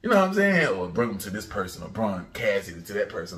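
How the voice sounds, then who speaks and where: A man hosting a commentary channel, ranting and taunting loudly, often jumping into a high mocking pitch. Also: big pitch swings, fast talker, hardly any pauses, distant mic.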